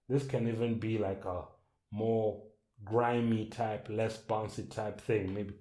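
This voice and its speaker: Man, songwriter, casual rambling talk, warm mellow tone, echoey room. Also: lowish voice, level tone, takes it slowly. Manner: loose, rambling, hums and sings melody ideas.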